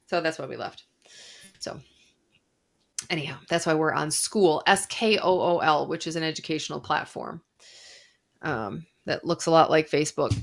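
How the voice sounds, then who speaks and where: A woman's voice: low voice, normal speed, vocal fry, long pauses. A woman doctor hosting a casual live Q&A. She chats freely, reads viewer comments aloud and swears a little. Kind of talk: casual livestream chat. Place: Arizona.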